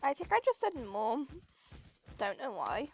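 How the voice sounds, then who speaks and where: A woman's voice: fairly high pitch, wildly swooping pitch, unhurried, darkish tone, a little hiss or hum. A woman giving sarcastic, exclaiming commentary while she plays a zombie game for her video channel. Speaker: gaming video creator. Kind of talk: live gameplay commentary.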